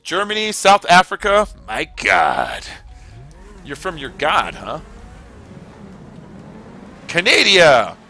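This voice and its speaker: A man's voice: fairly high pitch, wildly swooping pitch, takes it slowly, bright, forceful tone, faint music behind. A man from California giving rambling, chatty commentary while playing a racing game, swearing freely. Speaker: gaming streamer. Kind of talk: casual gameplay commentary.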